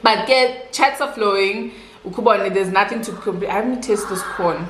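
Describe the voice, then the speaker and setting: A young South African woman tells a story in a chatty, animated way, her Xhosa-influenced accent clear as she switches languages. Her voice sits in the middle of the range. The room around her is bare and echoey. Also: mid-range voice, normal speed. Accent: South African, Xhosa-speaking. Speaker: vlogger. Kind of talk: casual storytime with eating.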